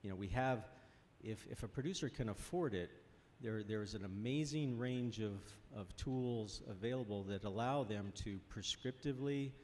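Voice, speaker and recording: A man speaking on a workshop panel, out of breath and halting, with many restarts. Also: fairly low pitch, darkish tone, slight background noise. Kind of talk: panel discussion.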